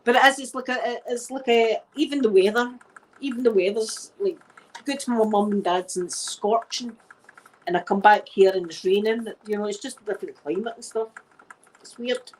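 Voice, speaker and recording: A middle-aged woman with a Glaswegian Scottish accent, telling stories in a relaxed ASMR chat and dropping Scots words as she goes. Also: on the high side, normal speed, rough recording. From Scotland. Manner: chatty anecdotal storyteller using Scots words. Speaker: ASMR creator.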